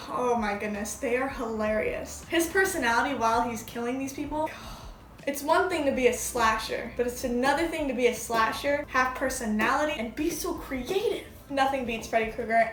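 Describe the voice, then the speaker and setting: A young woman vlogger chats casually in a crafting video, gushing with enthusiasm. Her voice is high-pitched and a bit bright, recorded by a distant mic in an echoey room.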